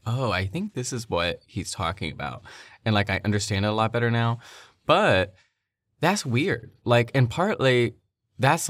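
A man with a lowish voice co-hosts a casual podcast. He thinks aloud in a reflective way, with many fillers. The close mic keeps the sound dry. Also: a bit bright, no echo. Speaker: podcast co-host. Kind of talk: casual conversation.

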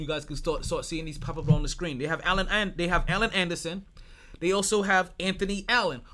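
Guy hosting a sports podcast, pretty high voice, swears a lot and laughs. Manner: animated, swears freely, laughs often. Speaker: podcast host. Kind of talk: casual sports podcast talk.

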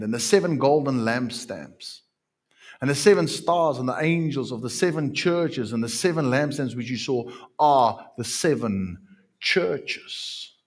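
A man, preaching a sermon with emphatic, drawn-out repetitions that swing from quiet to loud. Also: mid-range voice. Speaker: pastor.

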